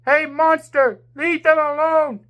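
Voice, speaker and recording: A woman voicing a brave young boy hero, raising her voice high and loud. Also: steady tone, takes it slowly. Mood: determined.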